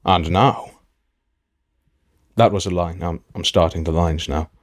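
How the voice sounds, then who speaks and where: A man voice actor joking around between takes, deadpan and muttering to himself as he gets into character. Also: sits low, a little slow. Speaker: voice actor in a fan audio drama. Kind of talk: joking outtakes while getting into character.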